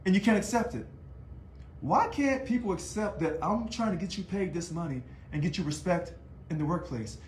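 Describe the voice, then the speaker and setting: Animated high-voiced man, echoey room. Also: moderate pace, slight background noise. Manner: animated, taunting, rhetorical questions. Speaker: union leader. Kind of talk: casual video monologue.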